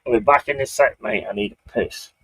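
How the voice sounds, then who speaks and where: A man's voice: fairly low pitch, a little fast, fairly bright tone, breathy edge, dry recording, rough recording. A man from England with a Bristol accent, hosting a live stream and chatting casually with a guest while reading out chat comments, in a joking, laid-back way. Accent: Bristol English. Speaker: stream host. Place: home streaming setup.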